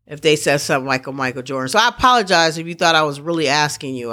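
A woman's voice: low voice, a bit bright. A woman hosting a podcast, rambling through sports news in casual chat and often restarting her sentences. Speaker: podcast host.

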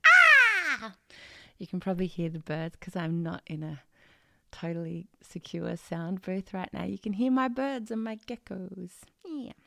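A woman's voice: on the low side, fairly even intonation, moderate pace, gravelly, mellow, dry recording, studio quality. A woman giving a vocal lesson at home, chatty and playful, singing scale steps and demonstrating twangy voices. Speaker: singing teacher. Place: home studio with birds and geckos outside.

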